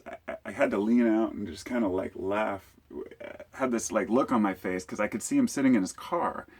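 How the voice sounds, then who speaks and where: Low husky guy vlogging, rambling story, acts out what people said. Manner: rambling, animated retelling with quoted dialogue. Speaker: YouTuber. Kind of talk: casual storytelling vlog.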